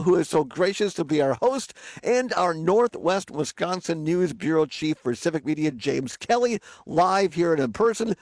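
A chatty man hosts live radio outdoors by a lake, rambling through his rundown with plenty of "uh"s. His voice sits a bit high for a man and sounds dry and close, with no room around it. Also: expressive, normal speed, hardly any pauses, a little mellow, no room sound. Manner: chatty, rambling with frequent fillers. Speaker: radio show host. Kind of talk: casual live radio chat.

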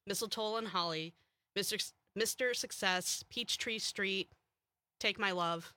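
A woman's voice: mid-range voice, a little slow, bright, forceful tone, dry recording. A woman co-hosting a radio show, chatting playfully and reading listener texts. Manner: laughing, playful. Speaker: radio co-host. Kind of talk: casual radio chat. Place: radio studio.

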